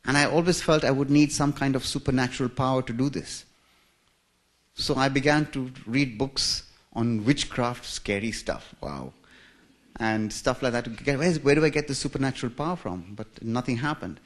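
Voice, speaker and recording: A man's voice: medium pitch, animated, normal speed. A man from India, telling his life story in a church with humour and self-mockery. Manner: humorous, self-mocking, chuckling. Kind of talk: storytelling talk.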